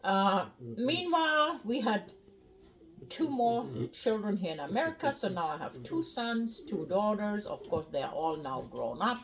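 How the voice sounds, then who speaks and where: Slow, chatty older German woman. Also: medium pitch, sing-song. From North Rhine-Westphalia, Germany. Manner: blunt, chatty, rambling with fillers. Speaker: cooking vlogger. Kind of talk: casual storytelling to camera.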